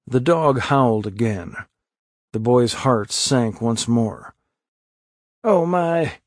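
A man reading a story aloud as narrator, slow and measured. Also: medium pitch, dry recording, studio quality. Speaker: audiobook narrator. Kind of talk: scripted narration.

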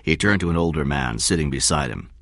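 A man narrating a story in a measured storytelling manner. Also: very deep voice, expressive, gravelly, a bit bright, no echo, studio quality.

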